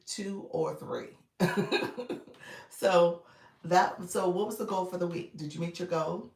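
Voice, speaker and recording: A woman's voice: fairly low pitch, slow, darkish tone, far from the mic. A woman coach chatting casually and encouragingly with her livestream viewers, still in her groggy morning voice. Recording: echoey room, away from the mic.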